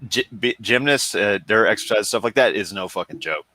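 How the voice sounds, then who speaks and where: A man's voice: fairly low pitch, a little fast, bright, forceful tone, dry recording. A man in casual stream chat, blunt, crude and opinionated. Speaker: stream co-host.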